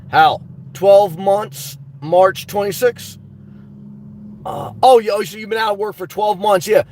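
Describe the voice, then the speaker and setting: A man hosting a livestream, reading live chat aloud in a rambling, earnest way and calling his viewers guys and man. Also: high voice. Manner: rambling, earnest, repeats words.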